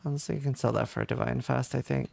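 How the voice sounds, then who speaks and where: A man's voice: medium pitch, fairly even intonation, fast, vocal fry, darkish tone, no echo. A man streaming a game and chatting casually with viewers, rambling and full of filler words. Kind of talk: casual livestream chat while gaming.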